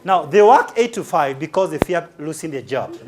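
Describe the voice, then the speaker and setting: A man with a Kenyan accent works a live audience in a big hall, needling and punchy. His voice sits high for a man. A faint hum runs underneath. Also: animated, normal speed. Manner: teasing, punchy, playfully provocative. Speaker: motivational speaker. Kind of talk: humorous conference speech.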